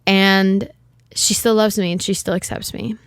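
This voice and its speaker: A woman's voice: mid-range voice, steady tone, unhurried, clear, resonant tone, no room sound, studio quality. A young woman hosting a solo podcast, talking candidly in a rambling way, swearing casually and restarting her sentences often. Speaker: podcast host.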